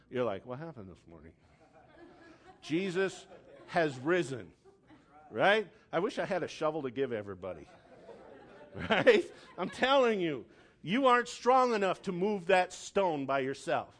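High, lively-voiced preacher building to shouts. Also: male voice. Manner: builds to loud shouted declarations. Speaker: pastor. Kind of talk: sermon.

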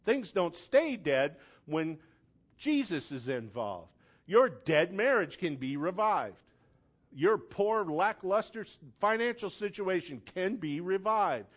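A man preaching a sermon as pastor, building from quiet reading to loud shouted declarations. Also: sits high, sing-song, takes it slowly.

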